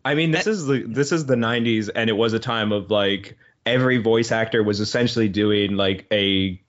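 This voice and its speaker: A man's voice: on the low side, normal speed, muffled recording. Dry-joking man with a Philadelphia accent. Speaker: podcast co-host. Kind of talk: casual chat.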